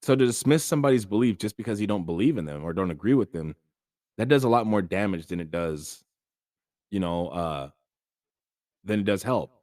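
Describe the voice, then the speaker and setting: A man's voice: lowish voice, animated, brisk, pauses often, darkish tone, dry recording, studio quality. A man hosting a podcast, talking earnestly and casually with frequent fillers. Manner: earnest, conversational, many fillers. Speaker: podcast host. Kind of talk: casual monologue on faith.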